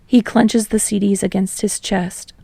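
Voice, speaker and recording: A woman narrates fan fiction like an audiobook, reading steadily and slowing on the emotional passages. Her mid-range voice is mellow with a slight gravelly edge. The recording is dry and close, with no room sound.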